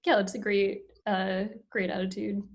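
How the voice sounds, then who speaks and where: A woman's voice: medium pitch, level tone, normal speed. A woman hosting a podcast, speaking hesitantly with many fillers while learning a skill. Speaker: podcast host.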